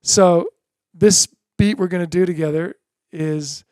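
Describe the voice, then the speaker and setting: Slow, encouraging beginner drum teacher. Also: medium pitch, darkish tone, dry recording, clean studio sound. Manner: encouraging, chants drum syllables rhythmically.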